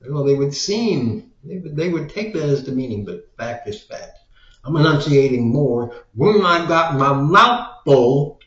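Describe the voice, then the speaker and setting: In a rambling vlog monologue stuffed with "like," a man speaks animatedly at a measured pace. His voice sits on the high side and is a bit bright, and the audio is dull, lo-fi and echoey.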